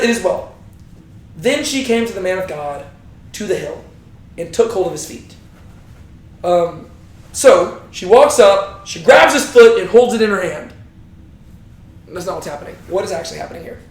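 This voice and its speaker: High-voiced man teaching a Bible study. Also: moderate pace, pauses often. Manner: lively, conversational, asks the group questions. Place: echoey room with a small group. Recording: roomy echo.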